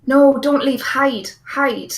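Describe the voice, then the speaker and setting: Woman doing a sweet squeaky halfling girl. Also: slow. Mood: urgent. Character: cute female halfling adventurer, sweet and squeaky.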